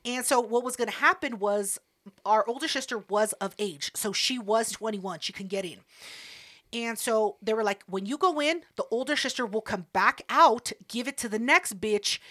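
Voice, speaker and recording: A young woman co-hosting a podcast, telling a story in casual chat, animated and swearing freely. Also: on the high side, normal speed. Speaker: podcast co-host.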